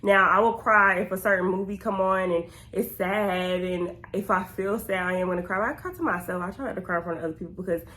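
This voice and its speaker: A woman's voice: medium pitch, fast talker, few pauses, sharp tone. Chatty woman in her twenties, casual Q&A. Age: 20s. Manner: chatty and candid, slangy. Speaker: vlogger. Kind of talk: casual get-to-know-me Q&A.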